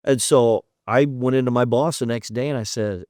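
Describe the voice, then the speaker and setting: A man's voice: medium pitch, moderate pace, a little mellow, no room sound, studio quality. A man in his fifties, a podcast guest, telling his story in a candid, matter-of-fact way and acting out the dialogue as he goes. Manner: retells events by acting out quoted dialogue. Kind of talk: storytelling in a conversational interview.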